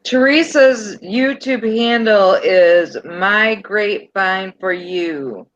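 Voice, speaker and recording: A woman on a livestream panel chatting casually and slowly, with a sing-song way of greeting. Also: medium pitch, highs cut off.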